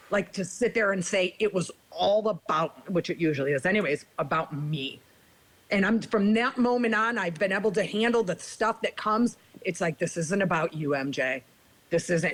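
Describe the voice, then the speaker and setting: A woman's voice: mid-range voice, poor audio. This is a woman speaking as a guest on a recovery podcast. She tells a personal story with candor and emotion. She keeps reaching out to her listeners with "right?" and "you guys".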